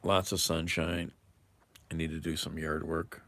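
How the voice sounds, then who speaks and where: A man's voice: a bass voice, flat delivery, measured pace, a bit bright. A man chatting casually on a livestream, rambling and chuckling as he reads viewer comments. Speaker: live streamer. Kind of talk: casual livestream chat while eating.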